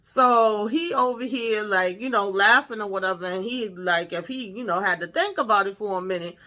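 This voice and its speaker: A woman with a bright, sharp voice recaps a reality show episode in a loose, chatty way. She talks with animated, profane exclamations and keeps up a running commentary. Her pitch sits in a middle range. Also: normal speed.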